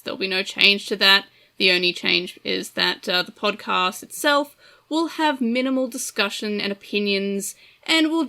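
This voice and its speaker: A woman's voice: medium pitch, creaky, bright, forceful tone. A woman with an Australian accent, talking casually as the host of a podcast, chatty and self-deprecating.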